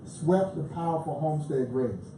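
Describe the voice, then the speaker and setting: Guy spinning baseball yarns on stage, kinda high mellow voice, big echoey room. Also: normal speed. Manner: animated storyteller who chuckles through his tales. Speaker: baseball museum president, panel guest. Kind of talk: lively anecdotal storytelling on stage. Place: live event in a bar venue. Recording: echoey live venue, faint background noise.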